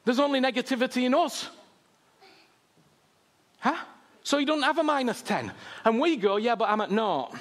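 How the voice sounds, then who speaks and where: Male preacher, fairly high voice, impassioned sermon, repeats himself, rhetorical questions. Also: expressive, normal speed, long pauses, fairly bright tone.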